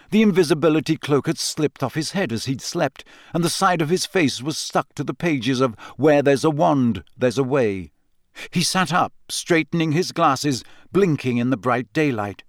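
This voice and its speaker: A man narrating an audiobook in an expressive reading style. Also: medium pitch, moderate pace, no room sound, studio quality. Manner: expressive, voices characters. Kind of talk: scripted narration.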